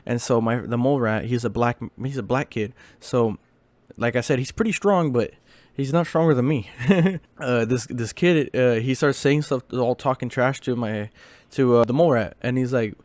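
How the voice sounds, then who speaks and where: A young man tells a story from his school days in a loose, rambling way, full of fillers and false starts. His voice sits at an ordinary middle pitch. The recording is dry and close, with no room echo. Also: normal speed, darkish tone. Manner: rambling, with many fillers and restarts. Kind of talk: casual storytime vlog.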